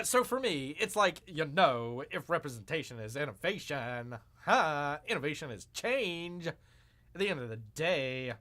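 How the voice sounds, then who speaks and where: A man hosting a live stream, commenting with sarcasm and mock exasperation. His voice is bright and sits a little high, and his pitch swings widely from line to line. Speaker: streamer host.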